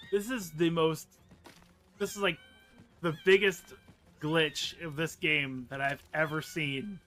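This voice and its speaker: Excitable male gamer over music. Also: fairly high pitch, slow, long pauses. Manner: excitable, swears, reads game text aloud. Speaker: gaming streamer. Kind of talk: casual game commentary and reading.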